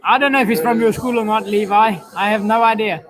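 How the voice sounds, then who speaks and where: A man with a noticeably high voice calls a rugby match for his live stream audience. He is chatty and self-mocking, and he laughs easily as he reads viewer chat. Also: fairly even intonation, fast, a bit bright, rough recording. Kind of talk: casual live commentary reading viewer chat.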